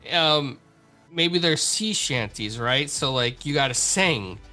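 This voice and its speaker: A male podcast host asking questions in a relaxed, rambling way. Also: a little high, takes it slowly, soft background music. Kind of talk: casual interview chat.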